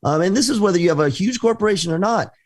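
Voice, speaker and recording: Male business show co-host, slightly high voice, halting and self-correcting delivery. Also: animated. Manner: hesitant, many restarts and fillers. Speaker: podcast co-host. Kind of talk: conversational business talk.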